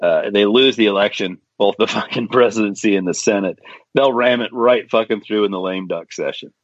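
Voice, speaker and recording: A man of middle pitch rants bluntly and profanely as he hosts a casual podcast. The recording is dry, with no room sound, and slightly dull and muffled. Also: a little fast, no room sound. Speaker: podcast host. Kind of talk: casual chat.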